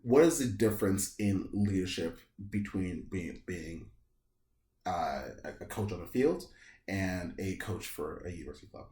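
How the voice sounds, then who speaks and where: A man's voice: low-pitched, expressive, normal speed, darkish tone, roomy sound. A man in his late twenties hosting a podcast interview, easygoing and casual, often checking in with "right?". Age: late 20s. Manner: easygoing, frequent "mm-hmm" and "right?". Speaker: podcast host.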